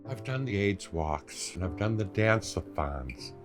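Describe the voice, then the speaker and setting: An older man telling stories in a documentary interview, playful and animated, acting out his own past thoughts. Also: low-pitched, a little slow, music in the background. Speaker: longtime charity ride participant.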